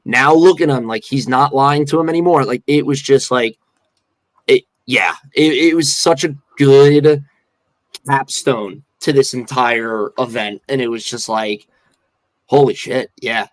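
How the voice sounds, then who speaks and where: A man's voice: mid-range voice, unhurried, low-quality recording. A man co-hosting a podcast in casual chat, rambling and full of filler words as he talks. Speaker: podcast co-host.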